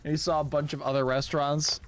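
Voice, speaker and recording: A young man streaming a video game tournament, commentating with excited exclamations, laughter and quick character voices. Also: a little high. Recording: game music playing behind.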